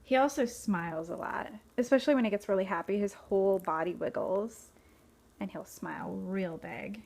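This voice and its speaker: A woman's voice: medium pitch, moderate pace, vocal fry, darkish tone. Young woman, casual vlogger; chatty, filler-heavy, shot on a phone camera. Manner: chatty, lots of fillers, baby-talks to her dog. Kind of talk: casual vlog.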